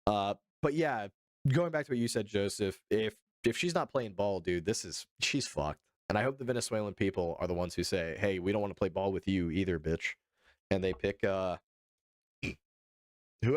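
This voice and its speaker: A man's voice: on the low side, dry recording, clean studio sound. A man from the United States chatting casually on a live stream, joking with a lot of swearing and answering his chat.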